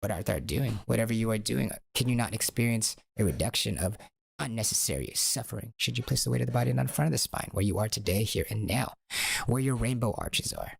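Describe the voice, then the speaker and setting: A man hosting a meditative monologue podcast, swinging between whispers and loud lines. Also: on the low side, fast, gravelly, husky, dry recording. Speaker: podcast host.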